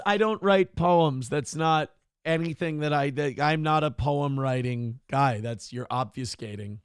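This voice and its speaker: A man's voice: unhurried, smooth, dry recording, clean studio sound. A man hosting a morning talk show, casually reading viewer comments aloud with sardonic mock indignation and cursing freely. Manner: puts on a high sing-song voice for quoted lines.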